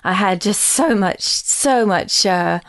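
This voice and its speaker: A woman, a musician guest in a casual interview, telling her story in a rambling, halting way with many restarts. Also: mid-range voice, no echo.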